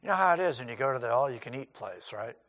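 A man's voice: medium pitch, expressive, fast talker, fairly bright tone, big-room sound. A man preaching a sermon in a conversational, folksy way, acting out scenes with quoted voices and many asides. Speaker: pastor.

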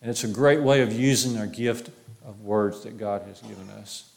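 Gravelly-voiced male preacher. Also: fairly low pitch, moderate pace, darkish tone. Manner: repeats phrases for emphasis, quotes scripture. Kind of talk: sermon.

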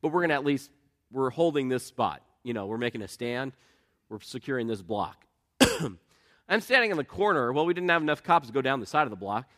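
A man's voice: medium pitch, big pitch swings, fairly quick, a bit bright. A middle-aged man preaching a sermon in an earnest, conversational way, asking the congregation questions and telling personal stories. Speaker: pastor.

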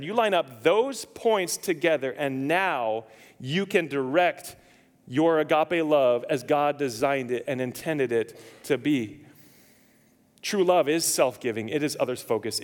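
Storytelling pastor in a reverberant church. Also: male voice, a little high. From lived in Nevada, now Indiana. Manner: storytelling, acts out dialogue, jokes with congregation. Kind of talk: sermon.

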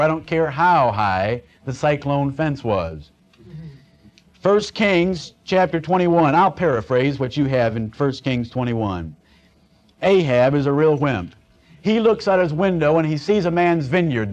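Guy preaching thru a bible story, kinda sarcastic, slightly high voice, dull old recording. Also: animated, measured pace, darkish tone. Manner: sarcastic, conversational asides between scripture readings. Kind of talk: expository Bible teaching.

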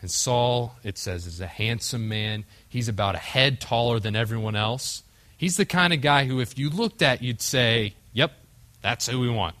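At a normal speed and with a medium-pitched, fairly bright voice, a young man leads a relaxed sermon with group discussion. He voices the characters he quotes from the story, talks conversationally, and stumbles now and then.

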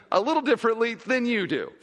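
A man voicing a calm male Christian debater with an Indian accent, asking measured questions. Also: very high-pitched, in a large hall, voice pushed up, exaggerated voice. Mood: calm questioning.

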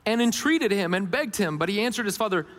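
High-voiced preacher in a reverberant hall. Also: male voice, lively intonation, fairly quick, a bit bright. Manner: earnest, rises for questions and drops low for emphasis. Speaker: pastor. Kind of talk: sermon.

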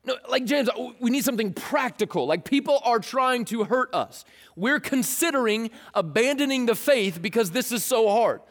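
A pastor voicing a frantic persecuted believer who pleads in a whiny, slangy way. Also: male voice, very high-pitched, expressive, moderate pace, fairly bright tone, voice pushed up, heavily acted. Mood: pleading. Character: frantic persecuted early Christian, young adult man.

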